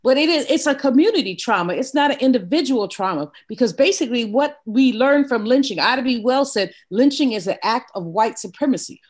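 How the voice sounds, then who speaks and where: An older woman, a guest in an interview, telling a personal story in a vivid, animated way. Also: a little high, brisk, few pauses. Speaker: guest economist.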